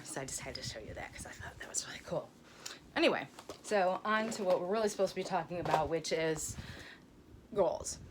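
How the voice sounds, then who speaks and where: A woman's voice: on the low side, background noise. A middle-aged woman, a nurse, chatting casually to camera in a blunt, profane, joking way. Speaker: ER nurse vlogger. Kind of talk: casual vlog chat.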